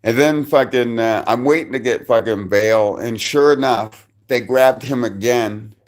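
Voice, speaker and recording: A man's voice: mid-range voice, measured pace. A man telling a rambling personal story on a live stream, swearing constantly and restarting his sentences.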